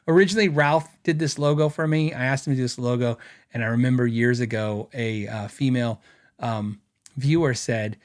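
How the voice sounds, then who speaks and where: A man hosting a gear podcast in casual livestream chat, talking loosely, laughing often and jumping up in pitch when excited. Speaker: podcast host.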